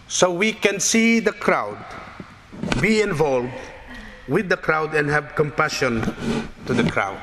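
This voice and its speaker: A male pastor preaching a sermon in a church, telling a story slowly and deliberately. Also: sits high, sharp tone. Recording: church reverb, faint noise.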